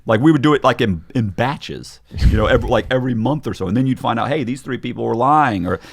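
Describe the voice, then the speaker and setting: A man's voice: mid-range voice, lively intonation, quick pace, gravelly. A man, a podcast guest, telling a story in casual conversation, acting out quoted voices, with frequent restarts.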